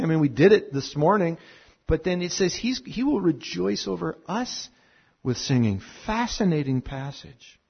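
A man preaching a sermon full of personal stories, animated at moments and then dropping to a hushed tone. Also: fairly high pitch, moderate pace, creaky, breathy edge, highs cut off. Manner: animated storyteller who drops to a hushed tone. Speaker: pastor.

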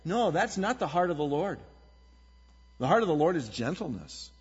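Male pastor, husky and a touch high, conversational sermon delivery; muffled recording in a reverberant hall. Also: normal speed. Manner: conversational, earnest preaching with lively storytelling. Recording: dull lo-fi sound with long hall reverb.

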